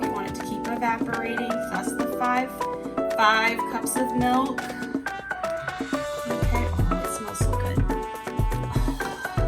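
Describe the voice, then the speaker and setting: A woman vlogging a cook-along in her home kitchen, chatty and giggly, rambling with fillers as she talks to the camera. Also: a little high. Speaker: cooking vlogger. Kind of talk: casual cook-along chat. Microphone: camera on a tripod.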